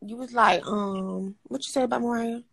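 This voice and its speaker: A woman co-hosting a casual livestream chat, animated and teasing, often breaking into laughter. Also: a little high, normal speed, vocal fry, breathy edge, dry recording.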